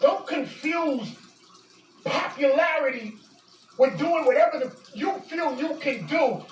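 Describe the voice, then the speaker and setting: High-voiced woman in a heated rant. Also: expressive, slow, slight background noise. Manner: heated, accusing, repeats insults, sometimes shouts. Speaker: vlogger addressing a public figure. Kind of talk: angry direct-to-camera rant. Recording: echoey room, distant mic.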